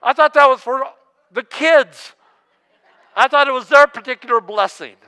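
Man in his 60s, pastor, sermon, high voice, smooth resonant tone, echoing church reverb, joking and emphatic. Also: moderate pace. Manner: animated, joking and emphatic, swinging from loud to hushed.

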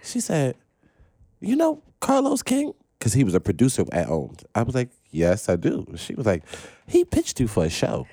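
Dude telling a wild story on a podcast, voice jumps all over, slangy, keeps laughing. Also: male voice, mid-range voice, normal speed, slightly rough. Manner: lively, acts out voices in his stories. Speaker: podcast guest. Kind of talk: animated storytelling.

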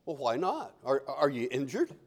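A man voicing a patient, fatherly divine figure who asks gentle questions in a conversational way. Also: medium pitch, sing-song, moderate pace, pitched below the performer's own voice.

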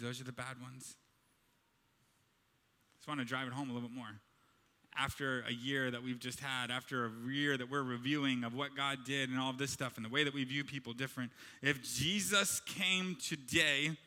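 A man preaching a sermon in an animated, conversational way, acting out quotes. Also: mid-range voice, long reverb tail. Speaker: pastor.

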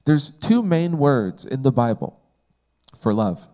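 A man's voice: medium pitch, very animated, slow pace, a little mellow. A man teaching a Bible study in a conversational way, asking the group questions and often using fillers.

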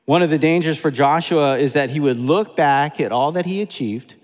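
A man's voice: on the high side, normal speed. Emphatic preacher man in a reverberant hall. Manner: emphatic, repeats key phrases for weight. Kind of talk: sermon.

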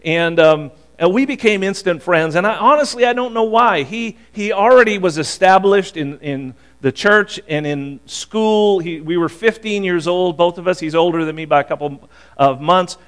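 A man in his sixties from Boston, preaching a conversational sermon and telling a personal story with many halting restarts. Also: high voice, clean tone. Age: 60s. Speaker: pastor.

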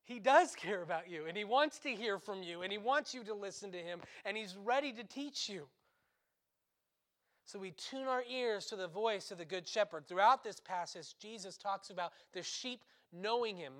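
High-voiced, emphatic male priest preaching. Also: normal speed. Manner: emphatic, swinging between loud urging and hushed intensity; conversational with asides and laughs. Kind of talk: sermon.

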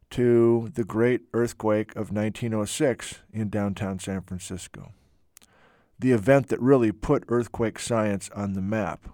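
Male geology instructor, animated lecture delivery, self-deprecating humor, dry close sound. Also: medium pitch, no room sound. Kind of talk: enthusiastic lecture.

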